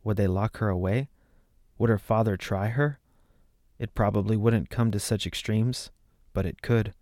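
Low-voiced man narrating a story. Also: moderate pace, dark tone, dry recording, clean studio sound. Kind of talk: audiobook narration.

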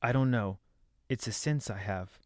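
A man voicing a wary, secretive male king's servant in a lowered, confiding voice. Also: moderate pace, a little mellow, dry recording, clean studio sound, natural voice.

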